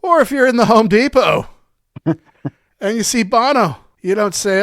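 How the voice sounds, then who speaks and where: A man co-hosts a rock podcast in casual chat, his voice sitting a little high. He retells concert moments with animated quoted lines and frequent laughter. The sound is dry and close to the mic. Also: normal speed, no room sound. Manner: animated storyteller who acts out quotes and laughs often. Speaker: podcast co-host.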